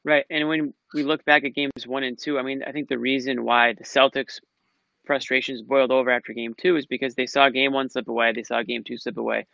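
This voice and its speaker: A man's voice: medium pitch, little pitch movement, fairly quick, vocal fry, sharp tone, dry recording, dull audio. A man in a casual sports chat, emphatic and swearing freely. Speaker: sports podcast regular.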